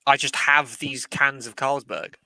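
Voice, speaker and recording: A man's voice: medium pitch, steady tone, measured pace, pushed and bright, no echo. A young man chatting as a guest on a live stream, rambling and jokey. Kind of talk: casual live stream chat.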